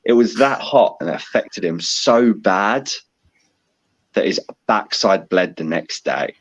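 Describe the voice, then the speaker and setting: A man's voice: sits low, lively intonation, slow, husky. A man being interviewed in a casual chat, talking in a rambling, laid-back way. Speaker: guest.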